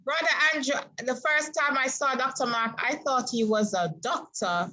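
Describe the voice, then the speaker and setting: A woman's voice: high voice, moderate pace, bright, forceful tone, poor audio. A Jamaican woman in her forties, giving an emphatic, preacherly talk to an audience and slipping into patois. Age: 40s. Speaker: panel speaker.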